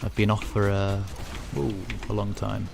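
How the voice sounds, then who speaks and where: A man's voice: fairly low pitch, monotone, a little slow, gravelly, a little mellow, slight background noise. A man with a northern English accent, chatting casually and rambling to his chat while gaming on a livestream. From northern England. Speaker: streamer.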